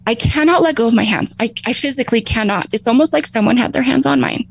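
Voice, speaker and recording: Animated woman telling her recovery story. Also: fairly high pitch, fast, breathy edge, low-quality recording. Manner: animated, laughs often, acts out her own past thoughts. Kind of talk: emotional personal storytelling.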